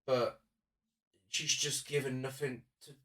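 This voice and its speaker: A man's voice: mid-range voice, flat delivery, slow, fairly bright tone, recorded from a distance. Chatty male podcast co-host, a bit off-mic. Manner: enthusiastic, lists cast credits. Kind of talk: casual film review chat.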